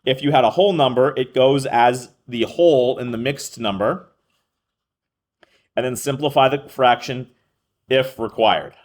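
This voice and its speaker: A man's voice: mid-range voice, measured pace. A male math teacher explaining a lesson to a class, thinking aloud, correcting himself and calling on students by name.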